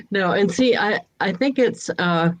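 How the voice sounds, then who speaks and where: A woman hosting a casual chat, cheerful and laughing often. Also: mid-range voice. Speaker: host. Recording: dull, dry lo-fi audio.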